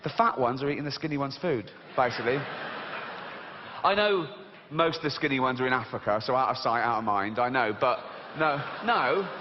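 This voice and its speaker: English male stand-up, mocking and sweary, lively swooping delivery, reverberant hall, dull sound. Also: mid-range voice, brisk, noisy background. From Britain. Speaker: stand-up comedian. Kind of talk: stand-up comedy routine. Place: large theater on stage.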